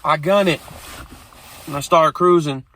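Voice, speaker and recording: A man's voice: fairly high pitch, unhurried, fairly bright tone, slight background noise. A man casually telling a rambling street story, streetwise and full of profanity.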